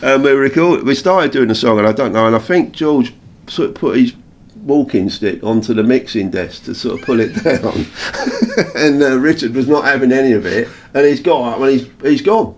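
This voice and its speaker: A man with an English accent, co-hosting a radio show and telling anecdotes in a casual, animated way with frequent laughs. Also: medium pitch, moderate pace. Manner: storytelling, animated, laughs often. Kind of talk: casual reminiscing chat.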